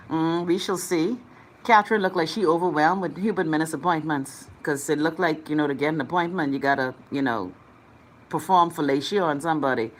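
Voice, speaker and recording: A woman with a Bahamian accent hosting a live chat show, reading out viewer comments in a sassy, blunt, swearing way. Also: on the low side.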